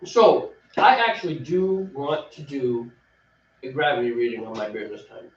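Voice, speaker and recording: A man's voice: mid-range voice, moderate pace. A man co-hosting a homebrewing show, chatting casually and laughing often. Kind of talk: casual chat while brewing. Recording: roomy, distant, dull sound with faint background noise.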